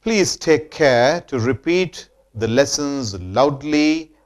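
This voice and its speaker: Slow, deliberate male pronunciation teacher. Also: on the high side, lively intonation. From India. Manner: deliberate, drills words by repetition. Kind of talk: slow scripted lesson narration.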